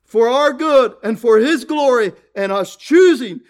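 A man preaching a sermon, reading scripture aloud and repeating his points earnestly, often dropping to a low murmur at the ends of phrases. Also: animated, unhurried.

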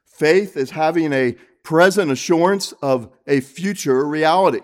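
A high-voiced man preaches an evening sermon in church. He reads scripture and turns often to the congregation with earnest questions. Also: moderate pace.

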